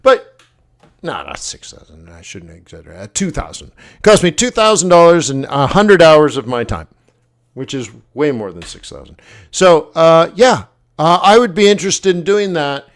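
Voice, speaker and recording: A Canadian man hosts a casual trading livestream, his voice clear and smooth and sitting a little high. He rambles and jokes, corrects himself mid-sentence and keeps the tone relaxed and chatty. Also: normal speed. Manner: rambling, jokey, self-correcting. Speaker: forex trading educator and stream host.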